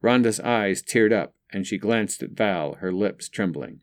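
Low-voiced man narrating an audiobook. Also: expressive, unhurried, dry recording, clean studio sound. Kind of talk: scripted narration.

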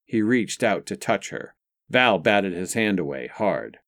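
A man's voice: deep voice, very animated, unhurried, a bit bright, no echo. Male audiobook narrator, dry close sound.

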